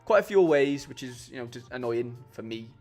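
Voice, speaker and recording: A man chats casually to his live-stream viewers in a middle-pitched voice, rambling with plenty of fillers and restarts. Faint music plays quietly behind him. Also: animated, a little fast. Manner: chatty, rambling, many fillers and restarts, says "mate" a lot. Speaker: streamer building fantasy football lineups.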